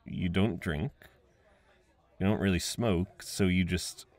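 A man voicing a friendly young man at a party, talking gently and coaxingly with frequent chuckles, in an audio role-play. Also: deep voice, steady tone, slow pace. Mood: gentle, teasing.

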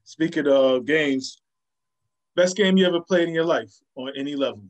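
New man firing quick questions. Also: a little high, lo-fi sound. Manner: quick rapid-fire questions, frequent affirmations. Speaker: podcast host. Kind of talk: casual interview.

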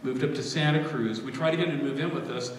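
A man's voice: mid-range voice, fast, slight background noise. Middle-aged guy doing a eulogy for his dad, fighting tears, far off in a big echoey hall. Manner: emotional, holding back tears, with warm laughs. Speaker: eulogist son. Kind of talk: memorial eulogy.

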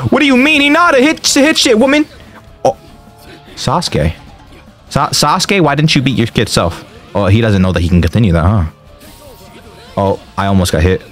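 A young man commenting on his own gameplay, excitable and slangy, often yelling and trash-talking the game as he plays. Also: on the low side. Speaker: gaming streamer.

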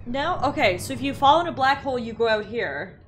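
A woman streaming a game and talking through it live, excitable, shrieking, laughing and swearing when things go wrong, and reading the on-screen text aloud. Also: on the high side, quick pace, a little hiss or hum. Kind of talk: live gameplay commentary.

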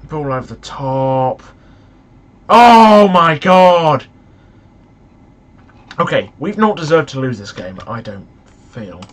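A young man commentating on a football management game, excitable and shouting at the match in frustration. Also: medium pitch, normal speed, breathy edge. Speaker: gaming YouTuber.

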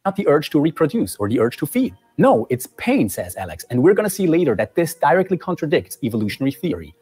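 A man's voice: fairly high pitch, very animated, fast, darkish tone, husky, soft background music. A man narrating his own scripted video in a theatrical, often sarcastic way. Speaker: video essayist.

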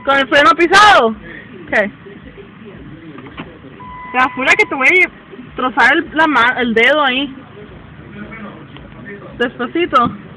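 Jittery high-pitched man vlogger, slow-talking, noisy vehicle background. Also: pushed and bright. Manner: nervous, swears, switches between English and Spanish. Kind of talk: casual vlog narration. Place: inside a car lift.

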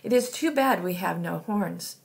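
A woman's voice: on the low side, animated, a little slow, creaky. A woman reading as a worried, whispering nobleman. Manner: whispering, unhappy. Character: worried, gentle male noble.

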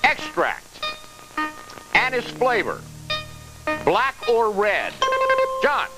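A man's voice: very high-pitched, huge pitch swings, extremely slow, vocal fry, poor audio. A man hosting a TV game show with upbeat quizmaster patter, recorded in a studio with an audience. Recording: loud TV studio broadcast with music and crowd. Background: music and studio crowd.

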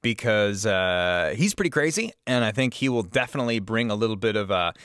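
A voice actor in a casual video message, relaxed and friendly, with frequent ums. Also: male voice, lowish voice, fairly quick, clean tone, dry recording, clean studio sound.

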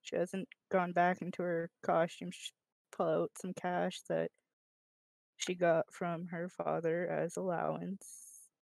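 A woman playing a tabletop game, describing her hero's actions and speaking her lines in a deliberate way. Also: fairly low pitch, little pitch movement, vocal fry, a little mellow, no room sound. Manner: slow, deliberate, in-character outbursts. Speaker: player. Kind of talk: tabletop role-play.

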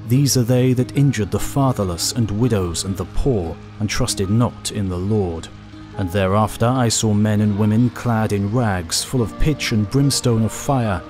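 A man reading an old scripture text aloud as scripted narration, in a solemn, measured way. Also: fairly low pitch, darkish tone. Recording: faint music behind.

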